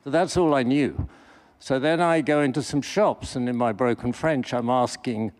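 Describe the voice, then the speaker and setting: English man chairing a panel, lively storyteller. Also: mid-range voice, moderate pace. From England. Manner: lively storyteller, acts out quoted voices. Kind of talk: anecdote to an audience. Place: festival panel before an audience.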